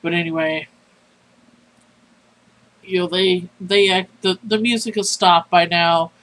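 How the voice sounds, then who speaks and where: A sleepy player recaps a tabletop horror game in a loose, rambling way, full of halts and fillers. The voice sits at a middle pitch. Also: fairly even intonation, a bit bright, rough recording. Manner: rambling, halting, filler-heavy.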